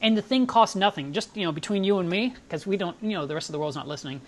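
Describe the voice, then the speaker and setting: A woman's voice: on the low side, lively intonation, fast talker. A woman hosting a live stream, chatting casually and telling stories with enthusiasm.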